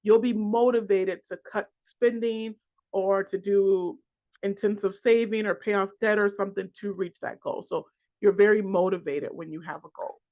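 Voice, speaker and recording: A financial coach lectures a class in a mid-range, steady, mellow voice, going through a list of points haltingly with restarts and repeated words. The recording is dull and lo-fi.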